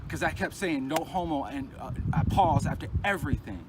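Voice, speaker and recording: A man's voice: on the high side, expressive, heavy background noise. Agitated man telling his story outdoors. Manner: halting and agitated, many restarts and repeated phrases. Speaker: storyteller recounting a personal ordeal. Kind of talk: casual personal account.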